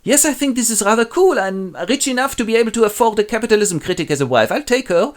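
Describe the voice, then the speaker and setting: A man's voice: high-pitched, lively intonation, fast talker, voice pushed up. A smug, rich foreign king wooing in a comic puppet play, as a man puts him on. His voice sits far above the narrator's. He sounds breezy and self-satisfied.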